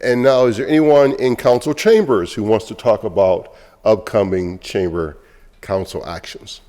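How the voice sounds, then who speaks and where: Low-voiced man chairing a council meeting. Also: mellow, big-room sound. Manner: procedural, briskly formal. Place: council chamber.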